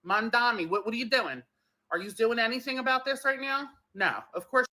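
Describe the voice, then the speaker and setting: A man's voice: very high voice, brisk, pushed and bright, rough recording. A man filming himself on his phone, ranting furiously with heavy swearing and repeated phrases. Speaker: social media poster. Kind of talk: angry rant to a phone camera. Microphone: phone camera.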